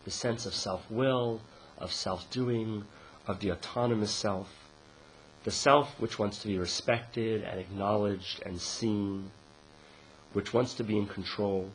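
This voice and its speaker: A man giving a conversational dharma talk as a meditation teacher. He keeps checking in with "right?" and gets animated and laughs while telling a joke. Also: a little slow, slight background noise, poor audio. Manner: conversational, frequent "right?" tag questions; laughs and rises in pitch when telling a joke.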